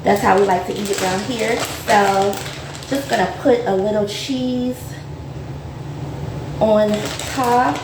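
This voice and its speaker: A woman's voice: medium pitch, takes it slowly, long pauses, far from the mic. A woman hosting a casual home cooking livestream, chatty and upbeat as she plates food for viewers. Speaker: host of a home cooking show. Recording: echoey room, voice off mic, faint noise.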